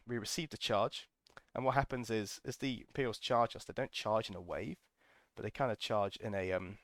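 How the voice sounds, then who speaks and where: A man's voice: on the low side, dry recording, studio quality. A man hosting a podcast, telling a casual, enthusiastic story full of ums and restarts. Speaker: podcast host.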